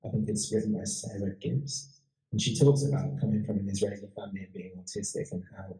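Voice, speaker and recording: Man, dark and mellow tone, chatty talk speaker, echoey room. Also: on the low side, flat delivery, fast talker. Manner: chatty, rambling, with frequent restarts and laughs. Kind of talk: casual public talk with audience Q&A.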